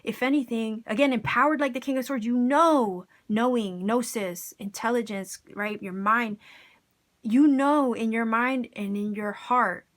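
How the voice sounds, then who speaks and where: A woman's voice: a little high, unhurried. A woman giving a casual tarot reading to her viewers, enthusiastic and encouraging, with plenty of slang. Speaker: tarot reader.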